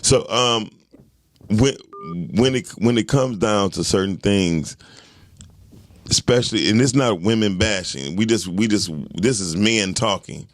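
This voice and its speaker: Low-voiced man hosting a podcast. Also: unhurried, no echo. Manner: forceful, emphatic, repeats himself. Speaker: podcast host. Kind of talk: casual group chat.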